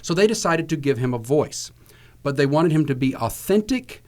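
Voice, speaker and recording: A Virginia man from the US South, who works as a podcast host and voice actor, swaps anecdotes in casual conversation. His voice is slightly high and his pace moderate, and he animatedly acts out the quotes in his stories.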